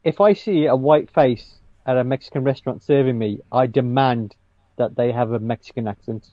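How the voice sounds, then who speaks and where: A man's voice: mid-range voice, moderate pace, dry recording, muffled recording. A man joking through casual podcast banter, often stopping and restarting his sentences. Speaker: podcast co-host.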